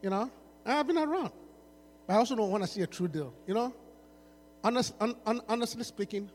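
A man's voice: sits high, animated, brisk, a little hiss or hum, pitched below the performer's own voice. A preacher acting out a hesitant young man sweet-talking a woman, stumbling over his words in a reverberant hall. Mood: coaxing. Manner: hesitant, stammering, coaxing.

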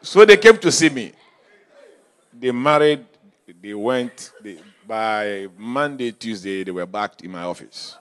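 A male pastor preaching a sermon in a church, telling stories and swinging from quiet asides to shouted calls. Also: fairly low pitch, animated, a little slow, clean tone.

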